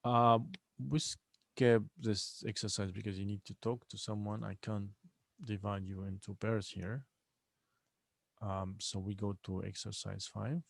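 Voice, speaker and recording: A male English teacher with a low, gravelly voice, speaking very slowly and deliberately. He repeats each word several times and splits it into syllables to show where the stress falls. The sound is close and dry. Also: little pitch movement, no room sound, low-quality recording. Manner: breaks words into syllables and stresses them clearly. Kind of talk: recorded online lesson.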